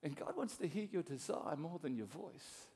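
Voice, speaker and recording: Animated preaching man. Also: fairly high pitch, moderate pace, slightly rough. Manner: animated preaching, swinging from soft to loud. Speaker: pastor. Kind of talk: sermon.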